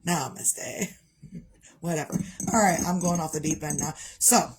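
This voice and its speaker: A woman's voice: fairly low pitch, a little mellow. A middle-aged woman talking casually in a daily vlog, chatty and rambling, laughing at her own jokes. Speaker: vlogger.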